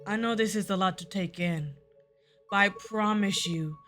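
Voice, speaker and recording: A woman reading a gentle, attentive male doctor's lines aloud from a visual novel, in a calm, reassuring, measured way. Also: medium pitch, faint music behind, close to an everyday voice.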